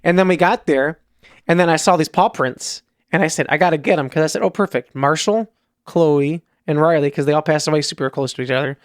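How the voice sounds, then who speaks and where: A man's voice: fairly high pitch, brisk, no echo, studio quality. A man with a Wisconsin accent co-hosting a podcast, rambling through stories and quoting people back and forth. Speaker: podcast co-host. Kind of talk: casual chat.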